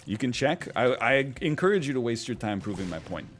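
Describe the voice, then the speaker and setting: A man in his thirties talks loosely on a live stream while he plays a game. His pitch rises and falls all over the place as he riffs and mocks himself. Soft game music runs quietly underneath. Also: sing-song, fairly quick. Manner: rambling, wry and self-mocking, jumps into mock voices. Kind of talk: casual live-stream chat while gaming.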